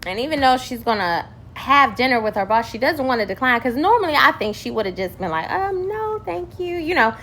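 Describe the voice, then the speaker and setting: A woman's voice: on the high side, expressive, brisk, few pauses, sharp tone, faint music behind. A woman casually recapping a TV show in a chatty, slangy, gossipy way. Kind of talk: casual chat.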